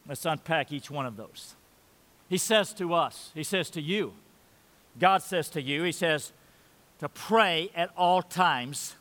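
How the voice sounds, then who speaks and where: A man with a high voice preaches a sermon in a church hall, and his words ring out in a long reverb. He drives key words hard, then drops to a low, quiet voice to make a point. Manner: emphatic preaching, swings loud and soft. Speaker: pastor.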